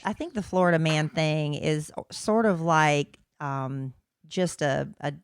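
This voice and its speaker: A woman's voice: deep voice, slow, clear, resonant tone, no room sound, clean studio sound. A woman from South Carolina co-hosting a podcast, chatting casually and rambling as she searches for words. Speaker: podcast co-host. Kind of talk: casual chat.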